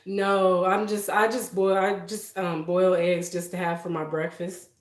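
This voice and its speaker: A woman hosting a casual livestream from her home kitchen, talking emotionally and softly and laughing often as she greets viewers. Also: on the low side, level tone, measured pace, reverberant. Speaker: livestream host. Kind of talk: casual live-stream chat with viewers.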